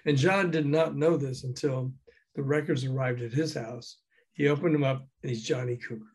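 Older man spinning animated anecdotes. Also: medium pitch, normal speed, husky. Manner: animated anecdotes, acting out quoted dialogue; chuckles while telling. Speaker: guest, former record promotion man. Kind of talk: casual storytelling interview.

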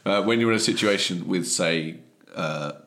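A man's voice: sits low, normal speed, fairly bright tone. A man chatting casually, rambling and self-mocking, now and then slipping into mock voices. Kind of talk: casual chat.

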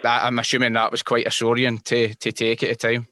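Chatty Scottish podcast host, dry sound. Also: male voice, medium pitch, monotone, fairly quick, bright, forceful tone, no room sound. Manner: enthusiastic, chatty questioner. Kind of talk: live podcast interview.

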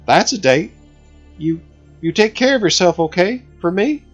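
A man's voice: high-pitched, lively intonation, normal speed, soft background music, voice pushed up. A man voicing a tough, brash woman gunslinger who is a mother, talking urgently. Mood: tender. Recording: slightly dull recording.

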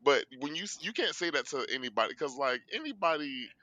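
A man from the American South with a Southern accent, co-hosting a casual podcast, slangy and quick to laugh. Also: fairly high pitch, dry recording, low-quality recording. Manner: laughs often, slangy and expressive. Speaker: podcast co-host. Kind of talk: casual chat.

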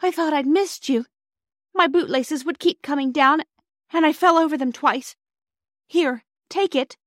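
A woman's voice: high voice, measured pace, fairly bright tone, dry recording, clean studio sound, voice pushed up. A woman voicing an eager little girl who is out of breath from running, in a storybook reading. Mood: breathless eager.

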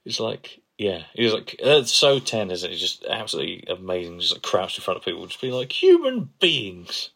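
A man's voice: deep voice, a little fast, vocal fry, few pauses, sharp tone. A man co-hosting a fan podcast, chatting enthusiastically about favourite moments. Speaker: podcast co-host. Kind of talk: casual fan chat.

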